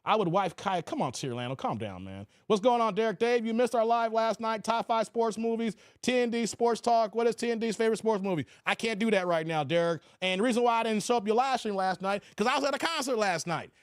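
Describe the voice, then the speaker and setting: A man's voice: high voice, quick pace, few pauses, clear, resonant tone, dry recording, studio quality. A man hosting a live stream, talking casually, reading chat aloud and swearing freely. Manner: animated, swears, slangy. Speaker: live-stream commentary host. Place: New York area.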